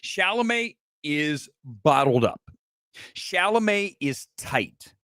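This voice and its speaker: Film show host, middle-aged man from ohio, lively swooping delivery, loud bursts and low asides. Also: takes it slowly, no echo, clean studio sound. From Ohio, USA. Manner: animated, swings between loud outbursts and low asides, profane. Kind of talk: casual commentary on a livestream. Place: home studio, speaking to a laptop.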